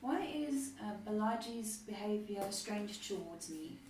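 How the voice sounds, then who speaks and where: A woman co-host reading viewers' questions aloud in an even, quiet way. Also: medium pitch, measured pace. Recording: very echoey, distant from mic, faint noise.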